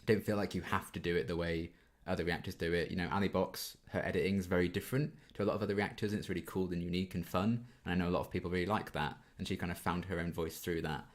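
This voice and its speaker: A man's voice: low-pitched, fairly even intonation, fast talker, few pauses. A young man in his twenties hosting a casual Q&A, reading viewer questions aloud and chatting through his answers with frequent ums. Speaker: YouTube reaction channel host.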